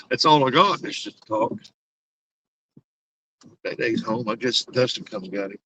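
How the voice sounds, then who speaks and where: Speaking slowly and expressively, this older livestream host has a mid-range, slightly bright and husky voice captured on a rough recording. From inside his car on icy roads, he rambles in a folksy, casual way, teasing the passengers and addressing his chat.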